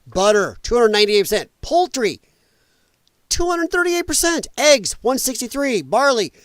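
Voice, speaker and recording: A man's voice: very high-pitched, sing-song, moderate pace, dry recording. A man streaming casual political commentary, profane and combative, who mocks opponents in whiny put-on voices. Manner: profane, combative, sarcastic ranting.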